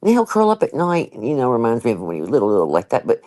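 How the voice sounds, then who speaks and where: An older woman hosts a casual chat. Her pitch rises and falls a lot as she talks. She is emphatic and chatty, full of asides. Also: huge pitch swings, racing, mellow, poor audio. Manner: chatty and emphatic, laughs often, with many asides. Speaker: live-stream host.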